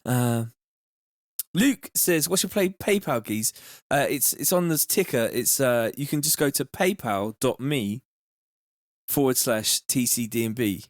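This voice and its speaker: A man's voice: mid-range voice, lively intonation, unhurried, dry recording. Laid-back London man, dry close sound. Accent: London English. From England. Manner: laid-back, slangy, thanks viewers warmly. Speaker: music producer streaming live. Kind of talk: casual livestream chat.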